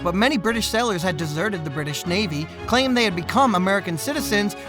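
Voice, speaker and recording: A man narrating an animated history video with wry, joking asides. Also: sits high, fast, music in the background.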